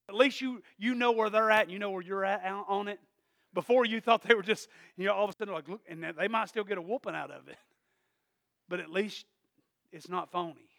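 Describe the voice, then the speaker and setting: High-voiced bright preacher, swinging loud and soft. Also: male voice, dry recording, studio quality. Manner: call-and-response preaching, repeated "Amen?"; swings from quiet asides to loud emphatic peaks. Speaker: pastor. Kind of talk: sermon. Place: church.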